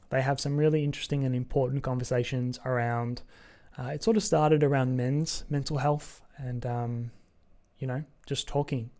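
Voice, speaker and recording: A man hosting his own podcast, talking earnestly and haltingly with many pauses and ums. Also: mid-range voice, warm tone. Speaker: podcast host. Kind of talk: casual solo podcast talk.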